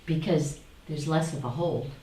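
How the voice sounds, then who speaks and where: A woman's voice: low voice, measured pace, warm tone, roomy sound, recorded from a distance, slight background noise, rough recording. A woman teaching a spiritual talk to a small group, asking them questions and repeating phrases in a singsong.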